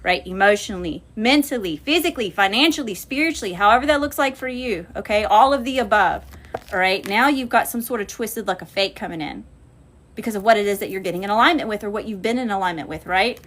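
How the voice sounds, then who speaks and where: A woman's voice: mid-range voice, fast talker. A woman hosting a casual livestream tarot reading, cursing freely and calling her viewers y'all. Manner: profane, animated, addresses viewers as y'all. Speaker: spiritual channeler and livestream host.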